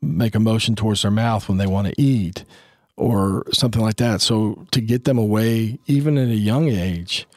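A man's voice: fairly low pitch, normal speed, a little mellow, no room sound, clean studio sound. A man in his fifties giving casual, earnest parenting advice, acting out family dialogue as he goes. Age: 50s.

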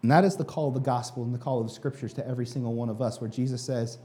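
Animated man preaching, mellow tone. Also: mid-range voice, racing. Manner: animated, emphatic, addresses the congregation directly. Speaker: pastor. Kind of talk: sermon.

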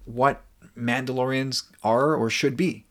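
A man's voice: mid-range voice, steady tone, measured pace. Musing man chatting on a podcast. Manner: thoughtful, musing, frequent restarts. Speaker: podcast co-host. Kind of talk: casual chat.

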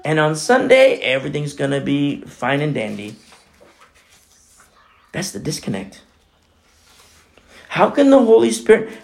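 Male pastor, lively sermon delivery, conversational, some vocal fry. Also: high voice. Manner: animated preaching, swinging from loud to hushed; conversational, with many fillers like "you know" and "like".

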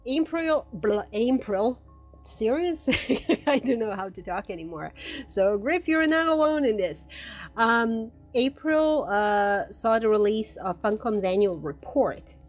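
A woman's voice: on the high side, lively intonation, a little slow, soft background music. A woman hosting a casual podcast chat, chatty and often laughing between points. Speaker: podcast host.

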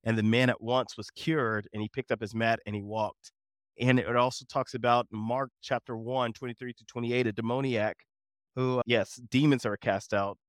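A man's voice: mid-range voice, fairly even intonation, normal speed, smooth, no echo, clean studio sound. A man co-hosting a Bible lesson discussion, talking in an earnest, emphatic, preacherly way. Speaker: co-host of a Bible study show.

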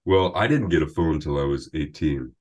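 A young man from Pennsylvania, a bass singer chatting as a guest in an easygoing, storytelling way. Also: animated, moderate pace, darkish tone. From Pennsylvania, USA. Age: young adult. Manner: laid-back, chatty storyteller. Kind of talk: casual interview chat.

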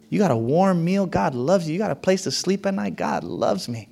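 A man's voice: expressive, moderate pace, creaky, hardly any pauses, a little mellow. A man preaching a sermon, emphatic and repetitive, sometimes dropping his voice to a whisper and sometimes rising sharply. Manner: emphatic, repeats key phrases, pitch swings widely.

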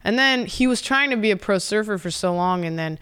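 A woman's voice: medium pitch, expressive, a little fast, a bit bright, clear, resonant tone. A woman from San Diego, a podcast guest telling stories in a laid-back, casual way, swearing freely and laughing often. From San Diego, USA. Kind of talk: casual chat.

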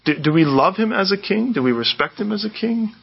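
A male pastor delivering an earnest sermon, often doubling words as he restarts his thoughts. His voice sits a little high and sounds husky. The recording is dull and lo-fi. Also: expressive, a little fast.

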